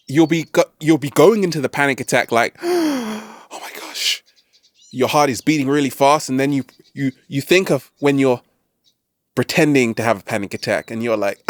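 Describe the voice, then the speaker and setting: In a self-help video, a man gives an animated, playful motivational talk to the camera, repeatedly asking "right?" and adding jokey catchphrase asides. His voice is mid-range, with no echo.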